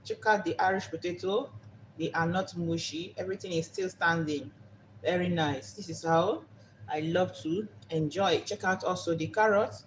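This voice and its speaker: A woman's voice: lowish voice, fairly even intonation, moderate pace, a little hiss or hum. A woman hosting a live cooking vlog, talking unhurriedly and repeating herself while she savors the food. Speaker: cooking show host.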